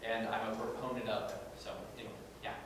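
A man's voice: lowish voice, level tone. Earnest man in an echoey room. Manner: earnest, halting, many fillers and restarts. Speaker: guest speaker. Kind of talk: talk with audience questions. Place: large echoey meeting room. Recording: echoey room from far off, noisy.

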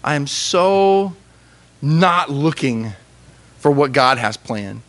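A young man, a pastor, giving an earnest sermon with emphatic pauses. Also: on the high side, animated, fairly bright tone.

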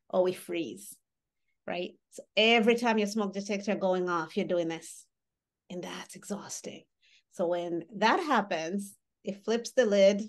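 A middle-aged woman giving a workshop talk in a conversational teaching style, explaining with everyday examples and often checking in with the audience. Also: medium pitch. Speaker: workshop trainer.

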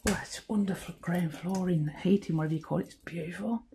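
A woman's voice: fairly low pitch, noisy background. A woman giving a chatty house tour on her phone, admiring each room, often out of breath. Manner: chatty, admiring, slow, pausing with ums. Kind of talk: casual house tour narration.

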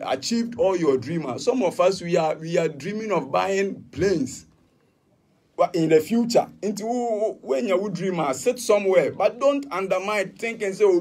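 A man's voice: high-pitched, darkish tone. A Ghanaian man answering interview questions, defiant and emphatic, switching between English and Twi. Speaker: musician interviewee.

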